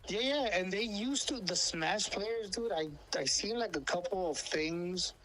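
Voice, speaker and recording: A man's voice: high voice, lively intonation, unhurried, fairly bright tone, faint music behind, rough recording. Rambling, profane man. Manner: rambling, profane, full of fillers and restarts. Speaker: co-host telling stories. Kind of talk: casual storytelling chat.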